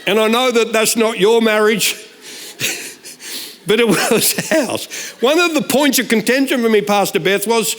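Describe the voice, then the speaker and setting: A man's voice: sits high, measured pace. A man, preaching a humorous sermon full of stories and punchlines. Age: 60s. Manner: jokey, animated, shouts punchlines. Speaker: guest preacher.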